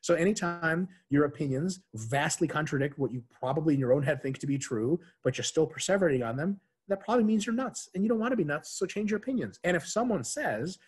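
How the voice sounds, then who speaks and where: A man talking as a podcast guest in casual chat, animated and jokey, with lots of profanity. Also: on the high side, fast talker, hardly any pauses, breathy edge.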